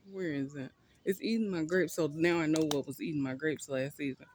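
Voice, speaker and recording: A gardening vlogger chatting casually while walking through an outdoor backyard garden on a phone camera. They are a bit out of breath, laugh often and think out loud. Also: medium pitch, a little fast, slight background noise. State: a bit winded. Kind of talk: casual vlog walk-through.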